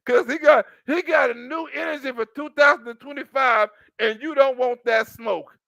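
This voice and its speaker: A man's voice: very high voice, unhurried, gravelly, long pauses, pushed and bright, no room sound, muffled recording. A man doing comedic reaction commentary, mocking and laughing often, with street slang.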